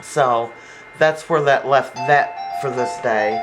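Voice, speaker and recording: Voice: medium pitch, slow, over loud music, rough recording. A soap opera fan giving a casual, rambling episode recap, full of fillers and restarts. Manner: rambling, acts out quoted lines, many fillers.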